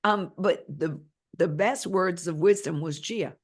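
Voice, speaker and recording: A woman co-hosting a casual podcast chat, hoarse from laryngitis and keeping her voice quiet, close to a whisper. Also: lowish voice, a little slow. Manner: talks quietly, near a whisper, to save her voice. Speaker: podcast co-host.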